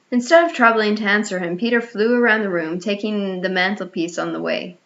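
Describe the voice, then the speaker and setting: A woman narrating a children's storybook in an expressive reading voice, with small restarts. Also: mid-range voice, fairly quick, few pauses. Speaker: audiobook reader. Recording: slightly muffled lo-fi audio.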